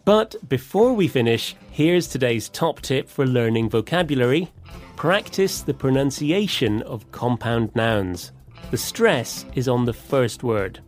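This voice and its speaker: A man presents a scripted vocabulary lesson on the radio. He speaks slowly and deliberately, and his pitch rises and falls a lot. Light music plays faintly under his voice. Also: animated. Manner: slow, clear, deliberate explanations.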